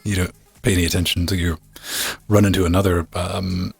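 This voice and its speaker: A man's voice: low-pitched, flat delivery, a little fast, vocal fry, slightly rough, no echo, soft background music. A man hosting a casual live podcast, rambling and chuckling as he talks. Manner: rambling, chuckling, self-interrupting. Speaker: podcast host.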